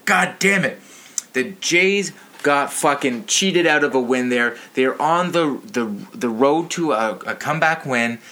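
A man's voice: mid-range voice, measured pace, few pauses, sharp tone. A man ranting about sports to his channel's viewers, outraged, profane and a little tipsy.

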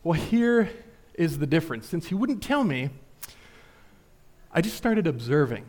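Young male pastor, easygoing pulpit talker, pitched a touch high, peppers the sermon with "like" and "right?". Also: very animated, measured pace, darkish tone. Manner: casual, filler-heavy, asks rhetorical questions. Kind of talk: conversational sermon.

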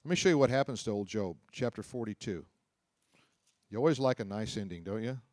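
A lowish, darkish male voice with lively intonation moves fairly quickly through a sermon. He reads scripture, explains it in a chatty way, and often asks the congregation questions, all captured in a dry, studio-quality recording.

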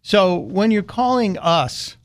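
A man's voice: high voice, very animated, takes it slowly. A man hosting a talk radio show, delivering sarcastic, mocking commentary into a studio microphone.

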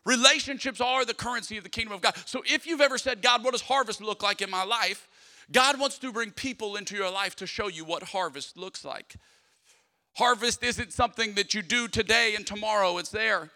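A man's voice: high voice, fairly quick, bright, forceful tone, in a large hall. A man, preaching a sermon and telling stories, acting out the dialogue with playful asides to his congregation. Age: 30s. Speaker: pastor. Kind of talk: sermon with storytelling. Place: church sanctuary.

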